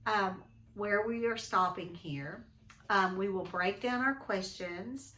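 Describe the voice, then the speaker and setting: Woman, teacher, recorded home lesson, unhurried, roomy echo. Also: medium pitch, fairly bright tone. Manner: thoughtful, lots of ums. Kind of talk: recorded class lesson, reading and discussion.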